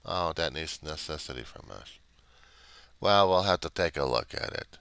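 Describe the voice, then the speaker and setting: A man's voice: very deep voice, expressive, moderate pace, creaky, pushed and bright, clear, resonant tone, no echo, heavily acted. A man voicing a bored, dismissive insurance authorization clerk who talks down to a caller in a sarcastic tone. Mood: snippy.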